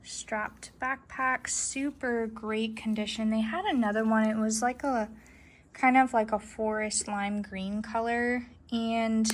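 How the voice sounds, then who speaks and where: A woman's voice: fairly high pitch, a little hiss or hum. A young woman casually vlogging about her reselling business, chatty and full of fillers as she shows items to the camera. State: a little out of breath. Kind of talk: casual vlog narration.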